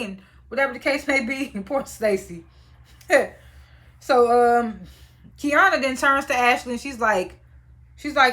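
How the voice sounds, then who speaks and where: A woman's voice: fairly high pitch, a little slow, long pauses. A young woman casually recapping a reality show, blunt and profane, acting out what the cast said. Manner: animated, blunt and profane, acts out quotes.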